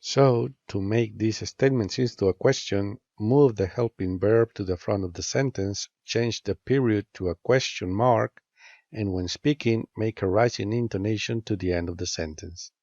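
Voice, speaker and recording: Man, English teacher, low gravelly voice, slow careful reading, dull dry lo-fi recording. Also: darkish tone, no echo. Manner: measured, reads statement and question pairs with careful rising intonation. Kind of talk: slow scripted grammar lesson narration.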